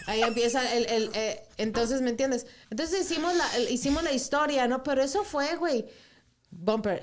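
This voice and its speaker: Animated woman telling stories. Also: a little high. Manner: animated storytelling, switching between English and Spanish, swears freely. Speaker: guest singer-songwriter. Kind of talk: casual interview chat.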